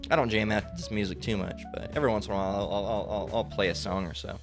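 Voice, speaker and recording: Music runs in the background as a man with a lowish, steady voice talks fast, barely pausing. He's a religious commentator offering rambling, casual remarks, punctuated by repeated "all right?" check-ins.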